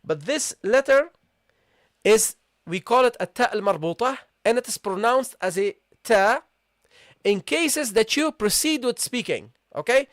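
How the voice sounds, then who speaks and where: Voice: medium pitch, expressive, a little slow, dry recording, clean studio sound. A patient language teacher giving a live online lesson, repeating key points and checking in with the class. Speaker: Arabic teacher.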